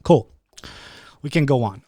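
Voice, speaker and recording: A man with a Romanian accent rants into his podcast mic, swearing hard and breaking off to restart his sentences. His voice sits in a middle pitch, warm and dark in tone. The room sounds dry and close. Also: expressive, a little slow, dry recording. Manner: ranting, heavy swearing, frequent restarts. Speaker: podcast host. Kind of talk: angry profane monologue.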